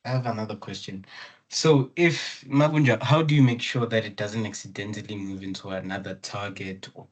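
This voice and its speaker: Hesitant low-voiced male student. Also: steady tone, normal speed. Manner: hesitant, trailing off. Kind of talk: asking a question in class.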